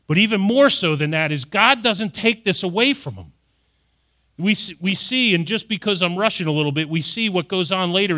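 A man's voice: sits high, bright, forceful tone. A middle-aged man preaching a sermon, reading scripture aloud and then explaining it with rising emphasis. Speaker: pastor.

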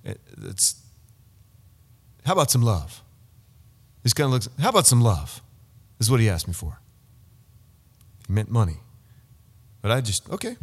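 A man's voice: fairly low pitch, big pitch swings, moderate pace, pauses often, breathy edge. A man preaching a sermon, telling a story with many stammered restarts. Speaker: pastor. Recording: long hall reverb.

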